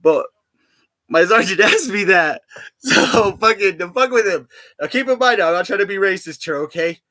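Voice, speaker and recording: A man's voice: high-pitched, animated, normal speed, sharp tone, no echo. A young man vlogging in a rambling, profane, joking monologue, laughing often and full of fillers. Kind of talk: rambling casual monologue to camera.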